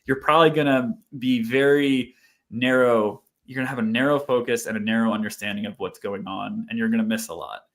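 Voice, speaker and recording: A man speaking as a guest researcher in a casual interview, reflective and often laughing softly between phrases. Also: mid-range voice, fairly even intonation, fairly quick.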